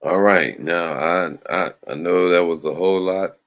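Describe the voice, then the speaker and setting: A man's voice: deep voice, fairly even intonation, measured pace, a bit bright. A man hosting a casual sports talk livestream, chatting loosely with his audience. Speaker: sports show host.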